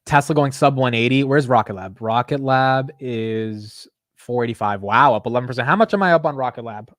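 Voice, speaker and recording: A man's voice: mid-range voice, fairly quick, a bit bright, dry recording, clean studio sound. A young man hosting a casual stock market livestream, chatting loosely, swearing and laughing at himself while reading chat aloud.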